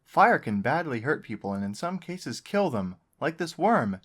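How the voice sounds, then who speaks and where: A man's voice: mid-range voice, sing-song, moderate pace, natural voice. A man voicing a cheerful, sinister male apple puppet in a sing-song, falsely cheerful way.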